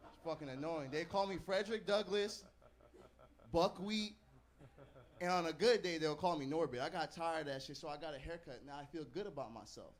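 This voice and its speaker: A man's voice: on the high side, normal speed, long pauses. A man doing a stand-up comedy set, joking profanely about himself and talking straight to the crowd. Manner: profane, self-mocking banter with the crowd. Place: comedy club stage.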